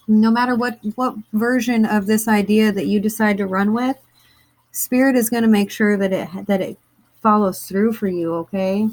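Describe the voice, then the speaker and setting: A woman reading oracle cards for her audience in an earnest, gentle voice. She speaks at a middling pitch and often trails into fillers and self-corrections. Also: moderate pace, rough recording. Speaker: tarot reader. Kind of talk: spiritual card reading.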